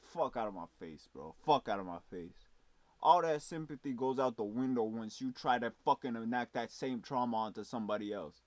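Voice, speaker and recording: A man's voice: mid-range voice, a little fast, darkish tone, dry recording. Foul-mouthed ranting male streamer. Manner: profane, angry ranting. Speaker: streamer reacting to a video. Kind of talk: live reaction commentary.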